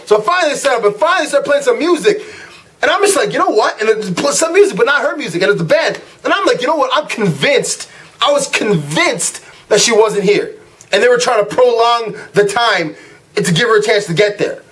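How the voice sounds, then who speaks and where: A young man ranting casually to camera as a vlog host, telling a story in an animated way and acting out what people said, with frequent fillers and restarts. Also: very high voice, a little fast.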